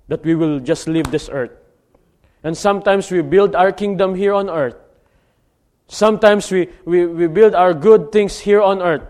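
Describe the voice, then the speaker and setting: A man preaching a sermon, exhorting his listeners and building to loud, repeated calls to action. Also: fairly high pitch. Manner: exhortative, rising to near-shouting climaxes, repetitive.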